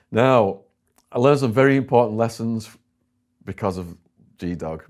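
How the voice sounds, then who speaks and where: Speaking at normal speed in a low voice, this man from England is a guest in an interview. He recounts a story with animation, acting out what others said.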